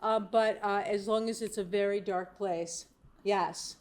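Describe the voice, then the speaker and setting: A woman's voice: medium pitch, steady tone, unhurried, a little mellow. An American woman who was a stand-up comic, chatting as a guest with self-deprecating jokes. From United States. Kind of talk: casual chat.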